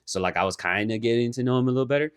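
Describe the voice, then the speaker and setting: A young man co-hosting a podcast at an everyday, middle pitch. He rambles loosely through a story, drops swear words freely, and breaks into laughter often. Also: very fast, clean tone. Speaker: podcast co-host. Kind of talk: casual chat.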